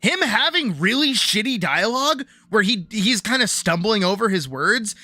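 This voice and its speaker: A woman's voice: medium pitch, big pitch swings, normal speed, few pauses, sharp tone, dry recording. A woman streaming live, chatting animatedly about character writing, swearing freely and checking in with "right?". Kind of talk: casual livestream chat about character writing.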